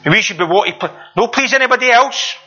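Man, preacher, sermon, earnest, rhetorical questions, bright tense voice. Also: very high-pitched, lively intonation, quick pace, faint music behind. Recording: dull lo-fi recording.

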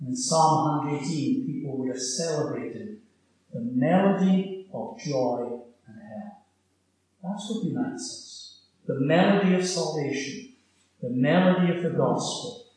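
Male preacher, slow and deliberate, heard from afar in a very echoey church. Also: fairly high pitch, a little mellow, distant mic. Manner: measured, emphatic repetition. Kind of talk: sermon.

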